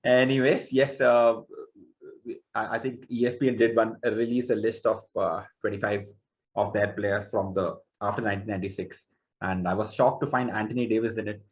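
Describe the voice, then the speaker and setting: A man from India co-hosts a casual podcast in a lowish, fairly even voice, speaking briskly. He sounds hesitant and often restarts his sentences, and the audio is dull.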